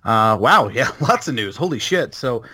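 A man co-hosting a casual sports podcast, with dry, deadpan remarks. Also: mid-range voice, normal speed, breathy edge, no echo. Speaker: podcast co-host. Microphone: podcast microphone.

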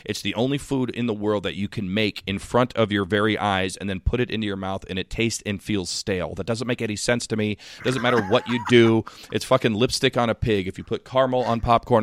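A man's voice: on the low side, steady tone, fast, few pauses, no echo, studio quality. A man co-hosting a podcast in casual chat, ranting comically with exaggerated complaints. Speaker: podcast co-host.

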